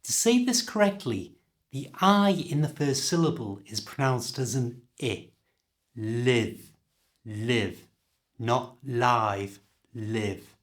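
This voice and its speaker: Man teaching slow pronunciation. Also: medium pitch. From Liverpool, England. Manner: slow, careful, demonstrative. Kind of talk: pronunciation lesson.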